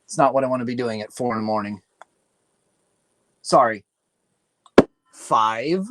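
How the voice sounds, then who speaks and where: Heavy background noise fills this late-night livestream as a weary man builds a PC, swearing and rambling to himself. His mid-range voice keeps a measured pace, and his casual chatter is self-deprecating.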